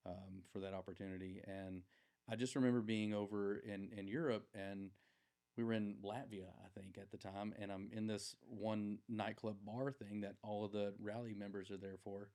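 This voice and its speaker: Gravelly man in his 40s rambling through a story on a podcast, lots of ums. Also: fairly low pitch, normal speed. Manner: rambling, animated anecdote-telling with many fillers. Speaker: podcast guest. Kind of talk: casual storytelling.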